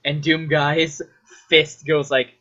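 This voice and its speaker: A man's voice: a little high, level tone, slow pace, bright, forceful tone, muffled recording. A man casually rambling about a video game he loves, full of fillers, restarts and swearing.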